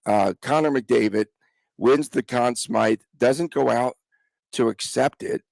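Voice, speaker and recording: Gravelly man hosting a sports podcast. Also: mid-range voice, slow, a little mellow, no room sound. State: has a cold. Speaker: podcast host. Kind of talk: casual sports podcast chat.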